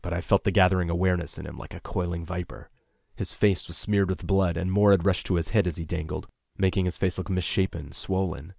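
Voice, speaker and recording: A man narrating a tense first-person story in a measured, scripted reading. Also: low voice, gravelly, darkish tone, dry recording, studio quality. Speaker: audiobook narrator.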